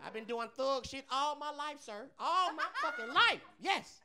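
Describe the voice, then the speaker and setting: High-voiced man doing stand-up. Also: unhurried. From Tuscaloosa, Alabama. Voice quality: unusually high, soft voice. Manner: brash, profane, animated storytelling. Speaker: stand-up comedian. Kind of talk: stand-up comedy set. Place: comedy club stage.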